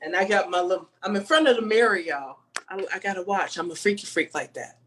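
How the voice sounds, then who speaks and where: A woman doing a stand-up comedy set remotely, telling stories with animated delivery and laughing at her own jokes. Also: mid-range voice, brisk. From Chicago, USA.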